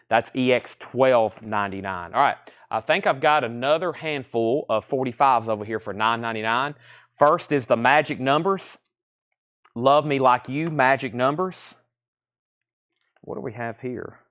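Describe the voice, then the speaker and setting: A man hosting a live online record sale. He briskly lists titles and prices and repeats them as he goes. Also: mid-range voice, a bit bright. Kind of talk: live online sales stream.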